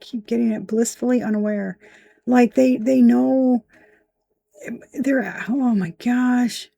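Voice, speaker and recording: A woman's voice: fairly high pitch, fairly even intonation, slow, gravelly, dark tone, no room sound. Blunt, profane woman reading tarot. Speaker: tarot reader.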